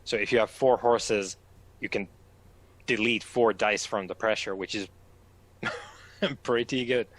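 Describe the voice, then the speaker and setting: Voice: mid-range voice, fairly even intonation, measured pace, pauses often, a bit bright. A game master, casually explaining the game's rules and laughing often. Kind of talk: casual tabletop game chat.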